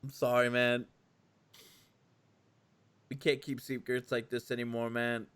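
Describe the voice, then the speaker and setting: A man's voice: mid-range voice, level tone, a little slow, fairly bright tone, clear, resonant tone, natural voice. A man voicing a blunt, fed-up male vampire who swears, in a tabletop role-play game. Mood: rueful. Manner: blunt and profane.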